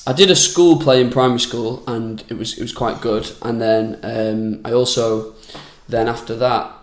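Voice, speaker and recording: A man's voice: medium pitch, steady tone, moderate pace. Rambling man, echoey room. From Manchester, England. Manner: rambling, candid, restarts sentences often. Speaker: comedian guest. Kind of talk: casual podcast chat.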